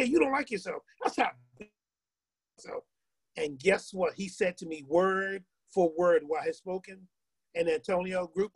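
A man's voice: high-pitched, breathy edge, dry recording, rough recording. A middle-aged man telling a personal story in casual talk, earnest and emphatic, often repeating himself. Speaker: guest on a group call.

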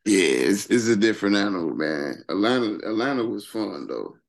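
A man's voice: fairly low pitch, very animated, moderate pace, creaky. A man from Chicago's South Side, a guest hip hop artist, chatting in a laid-back way and ending phrases with "man". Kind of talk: casual chat.

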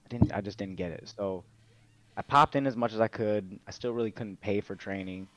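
Young man, low voice, laid-back, swears a lot, dull lo-fi recording. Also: a little fast, no echo. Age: young adult. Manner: laid-back, swears freely, lots of fillers. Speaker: guest, MMA fighter and streamer. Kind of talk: casual interview storytelling. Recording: dull, lo-fi dry sound.

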